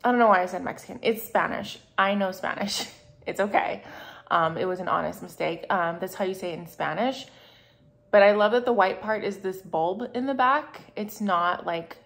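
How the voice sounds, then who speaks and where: A woman's voice: mid-range voice, moderate pace, vocal fry, fairly bright tone. A young woman vlogging casually while she cooks in her home kitchen, chatty, laughing often and fretting aloud. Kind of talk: casual chat while cooking.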